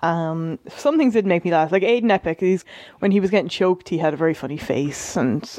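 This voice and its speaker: A woman's voice: on the low side, animated, fairly quick, darkish tone, no echo. A woman co-hosting a podcast, chatting casually about wrestling with a wry, self-deprecating bluntness. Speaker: podcast co-host. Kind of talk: casual chat reviewing a wrestling show.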